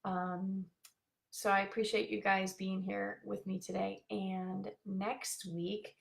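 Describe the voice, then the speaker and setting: A woman's voice: mid-range voice, little pitch movement, slow pace, gravelly. A woman life coach talking live to her viewers in a bubbly, chatty way, with many fillers. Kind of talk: live-streamed coaching talk.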